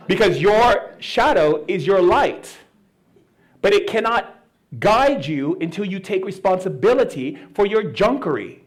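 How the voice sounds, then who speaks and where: A man giving a spiritual talk at an expo, playful and laughing as he acts out little voices. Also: high voice. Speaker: spiritual speaker. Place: expo lecture hall.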